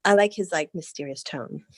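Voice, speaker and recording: A woman in her thirties in casual conversation, chatty and animated, laughing often and restarting her sentences. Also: mid-range voice, husky, dry recording. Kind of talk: casual chat.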